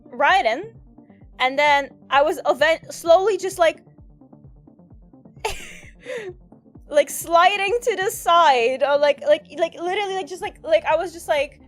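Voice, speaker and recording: A woman with a high, bright voice chats on a live stream, rambling and giggling through her stories with plenty of "like"s. She keeps a loose, playful stream-chat tone. Soft music plays faintly behind her. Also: expressive, takes it slowly, long pauses. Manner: giggly, rambling storyteller with many fillers.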